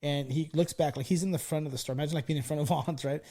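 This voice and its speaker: A man's voice: a little high, fairly even intonation, racing, warm tone. A man in his forties hosting a casual podcast, telling stories animatedly and swearing freely. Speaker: podcast host. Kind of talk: casual chat.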